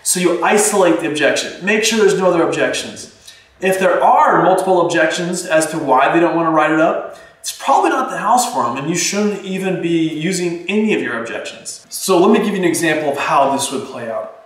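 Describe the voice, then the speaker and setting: A man's voice: a little high, expressive, brisk, fairly bright tone. A man coaching real estate agents, talking energetically and acting out little client dialogues as he teaches. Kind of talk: instructional talk with role-play examples. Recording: echoey room, distant mic.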